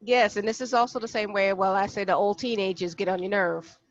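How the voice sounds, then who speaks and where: A woman's voice: medium pitch, steady tone, fairly quick, dry recording. A woman co-hosting a podcast, chatting casually and backing up her co-host's points. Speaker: podcast co-host. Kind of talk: casual chat. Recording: dull, dry lo-fi sound.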